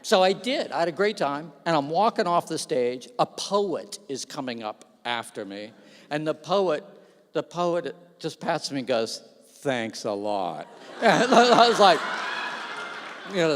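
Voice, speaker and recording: A man's voice: on the high side, unhurried. A man giving a self-deprecating, storytelling speech from the stage at an awards gala, speaking into a stage microphone. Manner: self-deprecating, animated anecdotes. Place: large hall. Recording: long hall reverb.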